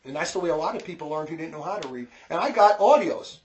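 A man's voice: a little high, animated. A man with a New Jersey accent giving an informal religious lecture, talking emphatically and repeating his points. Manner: emphatic, repetitive, quick to scold. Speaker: religious teacher.

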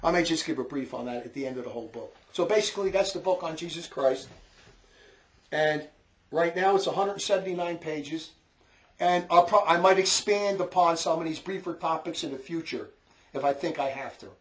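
A man with a New Jersey accent lectures on faith in an emphatic, repetitive way, pressing his points again and again. His voice sits a little higher than most men's. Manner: emphatic, repetitive, quick to scold. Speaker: religious teacher. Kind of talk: informal religious lecture.

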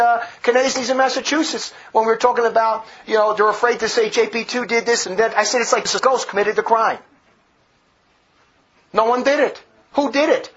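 A man's voice: a bit bright, dull audio. A man preaching an impassioned, indignant sermon on church history, his voice rising and dropping sharply. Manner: fiery, indignant, restless pitch swings.

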